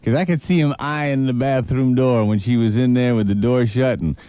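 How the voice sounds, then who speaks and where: A man's voice: mid-range voice, steady tone, moderate pace, mellow, clear, resonant tone, dry recording. A man hosting a morning radio show, teasing and wheedling his guest in playful banter. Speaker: radio host.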